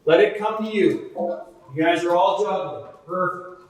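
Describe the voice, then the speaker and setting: Male goalie coach, high voice, energetic drill cues, booming echo, far from mic. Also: measured pace. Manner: energetic, repetitive cueing. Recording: very echoey, distant mic.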